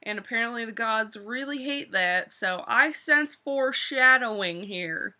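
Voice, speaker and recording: A woman casually recapping a TV episode for her video channel, animated and swearing often as she exclaims over events. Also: on the high side, a little slow. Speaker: video reviewer.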